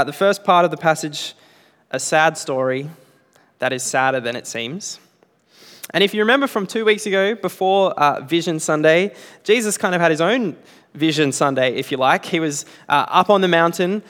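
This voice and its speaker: A man's voice: fairly high pitch, fairly bright tone. A man, preaching a sermon in a conversational way with frequent "uh" fillers. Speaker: pastor. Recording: long reverb in a hall.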